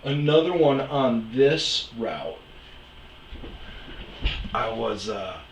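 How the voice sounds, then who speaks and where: A man's voice: mid-range voice, animated, very slow, roomy sound, a little hiss or hum, low-quality recording. A man hosting a comedy podcast, telling rambling, profane anecdotes. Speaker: host, storyteller.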